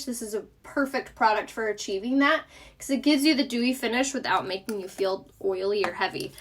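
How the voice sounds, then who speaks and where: A young woman with a light Southern US accent leads a casual live makeup tutorial in a slightly high, bright voice. Upbeat and chatty, she often stops to answer viewers' questions in a relaxed, friendly way.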